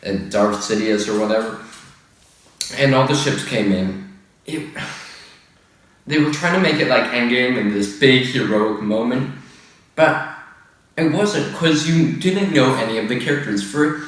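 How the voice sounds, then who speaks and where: Man for a casual rant video, rambling and exasperated, mid-pitched, set back from the mic. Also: expressive, a little slow, pauses often. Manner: rambling, filler-heavy, exasperated. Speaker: video host. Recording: echoey room, far from the mic.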